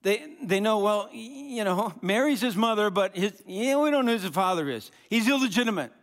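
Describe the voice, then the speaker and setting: A man preaching a sermon as pastor, animated and conversational, often restarting and repeating words. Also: sits high, brisk. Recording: long hall reverb.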